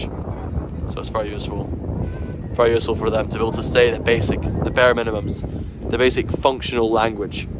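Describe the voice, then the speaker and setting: A man's voice: lowish voice, noisy background. Opinionated man talking outdoors. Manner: opinionated, rambling, laughs at himself. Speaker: bagpiper vlogger. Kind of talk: casual opinionated talk to camera.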